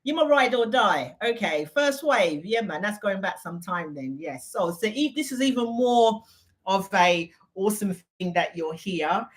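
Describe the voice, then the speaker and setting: A woman's voice: medium pitch, expressive, measured pace. A woman with an English accent, from the UK, hosting an unscripted live Q&A in a chatty, rambling way and reading viewer comments aloud. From United Kingdom. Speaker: live-stream host.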